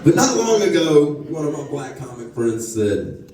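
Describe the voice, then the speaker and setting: On a comedy club stage, a stand-up comedian with a North Louisiana Southern accent tells crude, profane, aside-filled stories in a mid-range, darkish voice whose pitch swoops wildly. He talks at normal speed, recorded from a distance and off mic in an echoey room.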